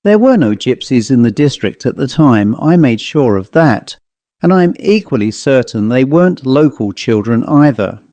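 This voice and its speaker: A man voicing a haunted storyteller who now hates the woods, speaking in a grave, quietly insistent way. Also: mid-range voice, sing-song, normal speed, no echo, close to an everyday voice.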